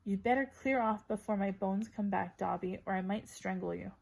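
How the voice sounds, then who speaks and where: A woman voicing an angry young teenage boy wizard, speaking low and fierce. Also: normal speed, vocal fry.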